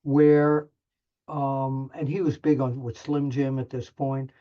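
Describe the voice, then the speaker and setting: Older male storyteller, chatty and wry, mid-pitched, muffled lo-fi sound. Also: level tone, slow. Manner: chatty, self-deprecating, lots of restarts. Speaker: wrestling journalist, guest. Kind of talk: animated storytelling anecdote. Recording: muffled lo-fi audio.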